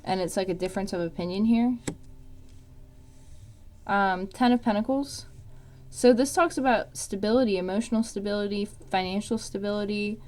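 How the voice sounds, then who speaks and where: A woman's voice: mid-range voice, normal speed, a little mellow. Rambling woman giving a tarot reading. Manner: rambling, many fillers like "um" and "like". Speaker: tarot reader.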